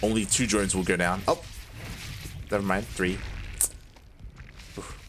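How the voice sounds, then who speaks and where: Excitable young Australian man casting esports. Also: fairly low pitch, takes it slowly, long pauses, a little hiss or hum. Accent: mixed Australian and Spanish-influenced. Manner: excitable, exclaims often and laughs at chat. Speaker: esports caster. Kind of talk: solo live game commentary.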